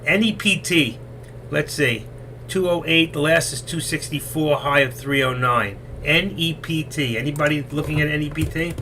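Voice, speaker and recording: A man's voice: a little high, normal speed, background noise. A middle-aged man hosting a trading live stream, chatting casually and candidly with viewers as he looks over stock charts. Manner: rambling, candid, confiding to viewers. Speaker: trading livestream host.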